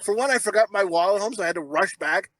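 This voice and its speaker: A man with a high, bright voice that swings up and down a lot, cohosting a casual podcast. He rambles through stories and teases his friends with crude, swear-filled jokes. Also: very fast, dry recording, rough recording. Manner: crude, profane joking and teasing; rambling storyteller. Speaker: podcast co-host. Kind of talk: casual chat.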